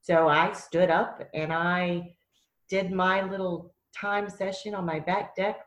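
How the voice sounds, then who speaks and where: A woman with a fairly low voice talks hesitantly as a podcast guest, often pausing on fillers. The recording carries a roomy echo around her. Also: fairly even intonation. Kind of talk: casual podcast talk.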